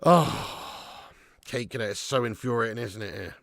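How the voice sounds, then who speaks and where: A young man hosting a live football watch-along, reading out chat messages and commentating casually, swearing and shouting at players before dropping back to low mutters. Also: unhurried, gravelly, no echo, clean studio sound.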